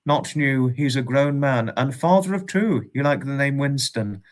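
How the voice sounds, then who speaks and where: A man hosting a livestream in casual chat, warmly greeting viewers and reading out their comments with frequent chuckles. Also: mid-range voice, a little slow. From United Kingdom. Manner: affectionate, greets viewers as darling, chuckles often. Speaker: livestream host.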